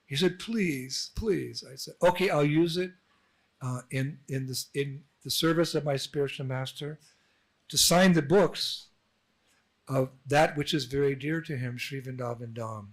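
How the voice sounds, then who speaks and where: A man's voice: medium pitch, moderate pace. A man, a monk, giving an informal temple address, telling anecdotes and acting out the dialogue. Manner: storytelling, acts out dialogue with laughs. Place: temple hall.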